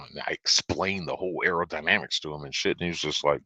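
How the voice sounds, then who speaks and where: Excitable man, swings all over. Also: low voice, very fast, few pauses, husky, no room sound. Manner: loud, excitable, swearing, laughing a lot. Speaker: livestream host. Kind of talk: casual livestream chat.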